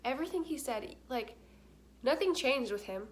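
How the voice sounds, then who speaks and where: A young woman talks casually to her camera, candid and chatty, her sentences full of filler words. Her voice sits a little high, with a faint background hiss behind her. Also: lively intonation, moderate pace. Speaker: vlogger.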